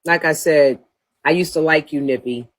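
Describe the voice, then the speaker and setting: A woman's voice: deep voice, moderate pace. A woman hosting a livestream, talking bluntly and profanely in a trash-talking rant, breaking into laughter often. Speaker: livestream host.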